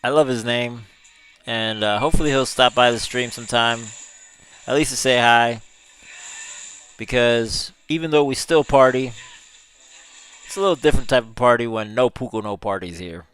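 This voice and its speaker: A man's voice: mid-range voice, moderate pace, long pauses, fairly bright tone, smooth, faint music behind. A man hosting a livestream, chatting casually with viewers, reading their comments aloud and chuckling often. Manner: easygoing, chuckles often, drawls words. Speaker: livestream host.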